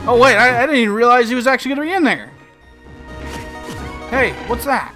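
A man's voice: very high voice, rapid-fire, music in the background. A man doing casual let's play commentary, joking, swearing and talking back at the game.

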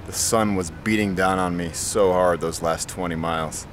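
A man's voice: sits low, fairly even intonation, moderate pace, slight background noise. A man vlogging to camera outdoors at a campground, sweaty and exhausted after a long day of riding, upbeat and laughing often. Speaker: cycling vlogger. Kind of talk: casual vlog talk to camera.

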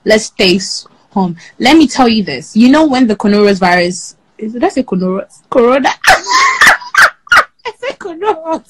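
A woman's voice: mid-range voice, lively intonation, brisk, few pauses, a little hiss or hum, rough recording. A woman chatting playfully in a casual video, teasing her viewers. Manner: playful, teasing, laughing easily.

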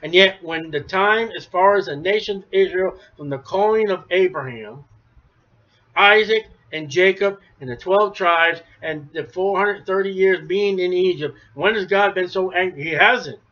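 A man preaching a sermon, emphatic, rising to near shouts then dropping low. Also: moderate pace. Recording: dull lo-fi recording.

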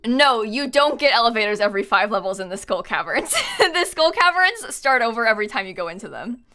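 A woman giving excitable live gaming stream commentary, swinging between panicked shrieks and quiet muttering. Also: a little high, a little fast, soft background music.

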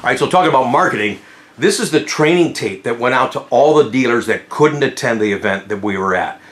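Excitable man with a lively voice. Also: mid-range voice, a little fast, reverberant, a little hiss or hum. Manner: excitable, laughing, acts out quotes. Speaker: car salesman and channel host. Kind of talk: casual storytelling vlog.

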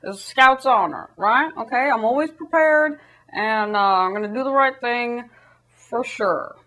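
A woman's voice: on the high side, measured pace, a bit bright. A woman doing a shifty, overly earnest male general. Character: evasive middle-aged male general-turned-leader.

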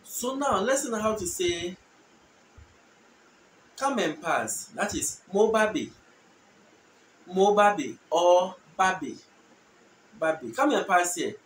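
High-voiced man teaching phrases, echoey room. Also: expressive. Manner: repeats phrases slowly for learners. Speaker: language teacher. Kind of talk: casual spoken language lesson. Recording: echoey room, distant mic, faint noise.

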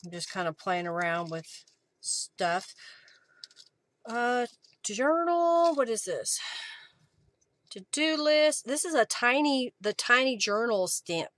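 A woman's voice: mid-range voice, expressive, unhurried, fairly bright tone. A woman hosting a live crafting stream, chatting casually as she thinks aloud while she works and thanks her viewers. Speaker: craft journaling host.

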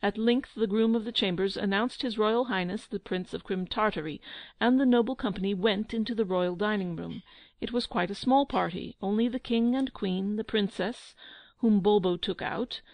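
A woman narrating a children's audiobook with measured, expressive storytelling. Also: medium pitch, no room sound.

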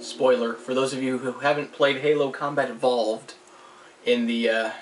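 A man's voice: mid-range voice, fairly even intonation, normal speed, music in the background, low-quality recording. A young man giving casual, goofy gameplay commentary, joking sarcastically and talking back to the characters on screen. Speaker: let's play gamer. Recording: home mic with noticeable hiss.

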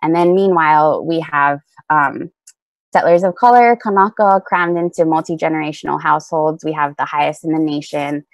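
Low-voiced woman speaking on a video call. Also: normal speed, dry recording. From Hawaii. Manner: earnest, many ums. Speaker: panelist. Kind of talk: prepared talk at an online teach-in.

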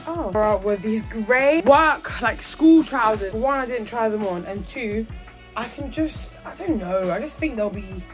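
A woman's voice: a little high, animated, unhurried. A teenage girl from England chatting casually and bubbly through a shopping haul vlog. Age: teens. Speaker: vlogger. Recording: faint music in the background.

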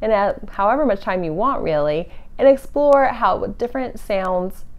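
A woman's voice: medium pitch, moderate pace. A woman leading a family camp, reading a picture book to children with playful sound effects, then giving simple at-home activity tips. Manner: animated read-aloud, playful sound effects.

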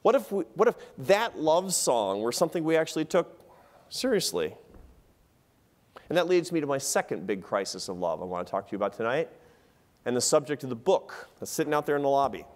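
A man giving a public lecture in a hall, telling stories in an animated, humorous way. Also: mid-range voice, brisk.

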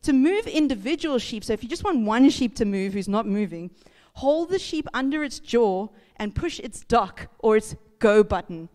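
A woman pastor, telling a lively story in a casual sermon, laughing and acting out sounds. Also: a little high, moderate pace, hardly any pauses. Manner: chatty, laughing, acts out sounds and voices. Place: church hall. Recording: reverberant church hall.

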